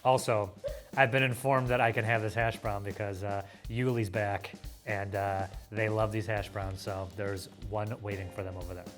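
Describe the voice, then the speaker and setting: A man from the US hosting a casual food review, playful and excitable, with mock-dramatic asides. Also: fairly low pitch, moderate pace, music in the background. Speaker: food show host.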